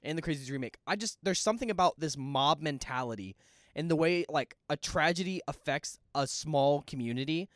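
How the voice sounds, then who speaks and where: A man's voice: fairly high pitch, fairly quick, dry recording, studio quality. A young man co-hosting a podcast, chatting casually about a film and rambling through restarts mid-thought. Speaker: podcast co-host.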